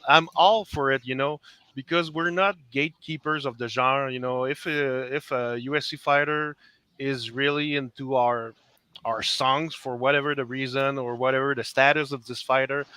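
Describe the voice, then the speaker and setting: A man in a band, interviewed over a video call, halting with many uhs and laughing often. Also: medium pitch, fairly even intonation, pushed and bright, smooth, no room sound. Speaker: band member and lyricist. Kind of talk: casual interview chat.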